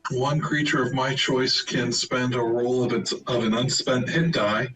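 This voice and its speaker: A man's voice: medium pitch, flat delivery, a little slow, a bit bright, low-quality recording. A man playing a tabletop game, laid-back, reading out his rolls and spells. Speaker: player.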